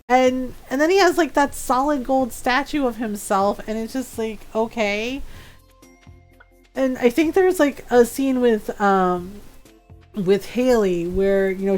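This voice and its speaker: Woman streamer, casual playful chatter, brightish higher register. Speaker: game streamer. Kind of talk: casual chat while playing.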